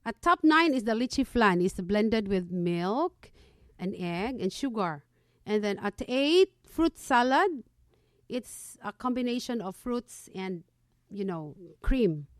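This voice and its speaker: A woman's voice: mid-range voice, lively intonation, slow, no room sound, studio quality. A woman from the Philippines co-hosting a community radio show, reading a prepared segment and listing items one by one. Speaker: radio co-host.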